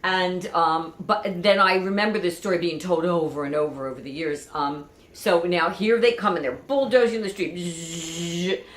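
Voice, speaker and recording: A woman's voice: on the low side, normal speed, a bit bright. A woman chatting through family memories in a meandering, conversational way, full of asides. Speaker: vlogger. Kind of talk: personal storytelling. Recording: echoey room.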